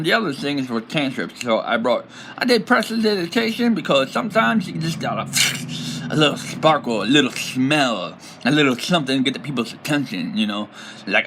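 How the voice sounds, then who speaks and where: Animated, rambling man with a bright voice. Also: mid-range voice, slight background noise, low-quality recording. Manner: rambling and animated, laughs often. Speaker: tabletop role-player presenting his character. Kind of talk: casual explanation.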